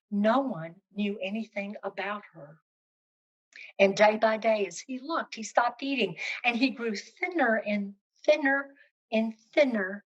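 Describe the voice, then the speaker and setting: A woman telling a folk tale aloud with expressive, rhythmic repetition. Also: medium pitch, highs cut off. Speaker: storyteller. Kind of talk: oral storytelling of a folk tale.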